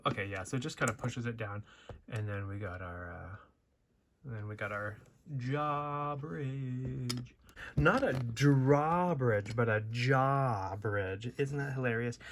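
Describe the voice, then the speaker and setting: Recorded on a phone camera at home, a toy reviewer with a medium-pitched voice and vocal fry gives casual unboxing commentary over heavy background noise. He rambles playfully, with many fillers and restarts.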